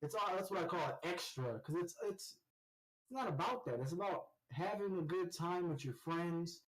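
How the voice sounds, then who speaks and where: A man co-hosting a casual gaming chat, telling stories in an animated way and rising loud when he quotes teammates. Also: sits high, normal speed, rough recording. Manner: animated storyteller, shouts when quoting teammates. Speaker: podcast co-host.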